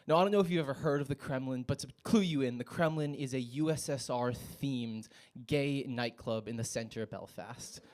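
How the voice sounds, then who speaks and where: A man's voice: mid-range voice, fairly quick, few pauses, a little mellow. A young American man performing a stand-up set in a comedy club, with a wry, self-mocking delivery.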